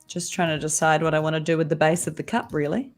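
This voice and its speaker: A woman's voice: deep voice, fast, soft background music. A young woman designer chatting casually while she draws on a livestream, thinking aloud as she goes. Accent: Australian-sounding but not Australian. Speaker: designer guest.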